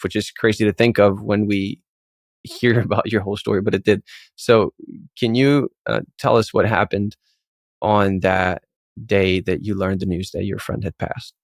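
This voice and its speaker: A man hosting an interview, recapping the guest's story in a measured way with small hesitations before asking his question. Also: on the low side, no room sound. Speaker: interviewer host.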